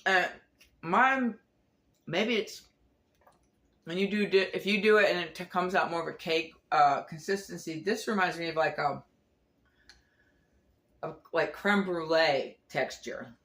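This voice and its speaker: A woman's voice: fairly low pitch, unhurried, long pauses, a bit bright, roomy sound. A woman chatting casually through a home recipe demo, rambling with frequent restarts and little laughs. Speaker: home cooking vlogger. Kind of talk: casual kitchen demo chat. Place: home kitchen.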